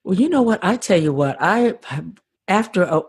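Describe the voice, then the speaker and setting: An older woman appears as a podcast guest over a remote call, telling her story passionately and often restarting her sentences in a conversational interview. Her medium-pitched voice is animated and a little mellow, with a breathy edge, at normal speed.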